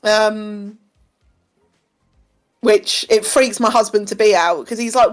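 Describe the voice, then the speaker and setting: A woman's voice: mid-range voice, steady tone, takes it slowly, long pauses. Chatty woman with faint music behind. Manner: chatty, laughs often, swears casually. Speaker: stream co-host. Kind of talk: casual chat on a live stream.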